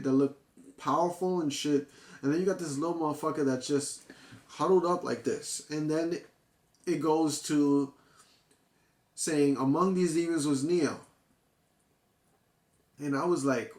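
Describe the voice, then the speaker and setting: A man's voice: fairly high pitch, reverberant. A man reviewing a manga chapter in casual, profane talk, often restarting and getting worked up. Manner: excitable, profane, full of restarts and fillers.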